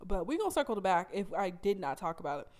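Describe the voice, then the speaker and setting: A young adult woman, hosting a podcast and telling a story in a blunt, animated way with plenty of swearing. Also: medium pitch, quick pace. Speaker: podcast host. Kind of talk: casual storytelling monologue.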